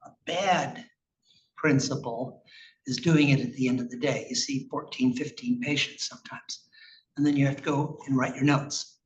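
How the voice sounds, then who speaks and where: A man with a mid-range voice and fairly even intonation talks at a moderate pace during a conference presentation on clinical research. He works through slides conversationally and emphatically, asking rhetorical questions along the way. It was recorded in a conference room and sounds echoey, distant and muffled, with faint noise present.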